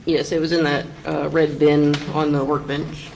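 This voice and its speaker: Woman witness, low gravelly voice, terse and flat courtroom testimony. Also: moderate pace, a little hiss or hum, poor audio. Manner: terse, factual answers. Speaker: police agent witness.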